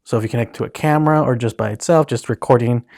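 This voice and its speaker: A man's voice: medium pitch, fast, gravelly, darkish tone. A man hosting his own podcast, telling a long story as a casual, profane rant and acting out the people he quotes. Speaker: podcast host.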